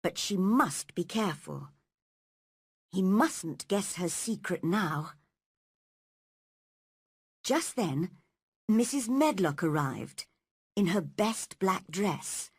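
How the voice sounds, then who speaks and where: A woman reading a story aloud at a slow, careful pace for learners. Her voice rises and falls freely with a slightly husky edge, recorded close and dry. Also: mid-range voice, very animated, dry recording. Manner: slow and clearly paced. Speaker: narrator. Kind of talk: slow scripted narration for learners.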